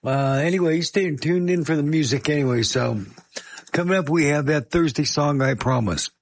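A male radio host chats casually between songs, his fairly high voice scratchy and hoarse from a chest cold. He is apologetic and self-deprecating, stopping now and then to cough and clear his throat. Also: normal speed, dry recording.

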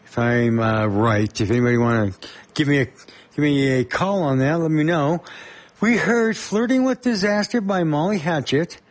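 Middle-aged guy from colorado doing radio between songs, rambly, lots of ums, kinda high voice. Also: moderate pace. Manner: rambling, chatty, many fillers and asides to listeners. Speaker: radio host. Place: small community radio studio.

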